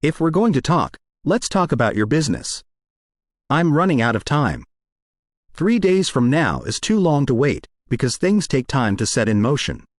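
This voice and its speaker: A man's voice: medium pitch, big pitch swings, normal speed, dry recording, studio quality, lightly acted. A man reading an urgent armored hero leader. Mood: pleading. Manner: urgent, politely insistent. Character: earnest adult male armored hero leader.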